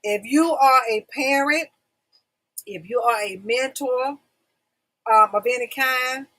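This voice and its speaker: On a casual livestream talk show, a middle-aged woman chats directly to her viewers, repeating phrases and calling them "y'all." Her voice sits high and is a bit bright, she speaks slowly, and the recording quality is low.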